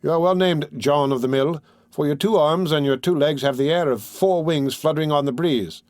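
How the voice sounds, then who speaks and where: A man's voice: on the high side, normal speed, a little mellow, no echo, clean studio sound, lightly acted. A man voicing a jesting young male student who jeers at a friend. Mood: jeering. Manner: jeering.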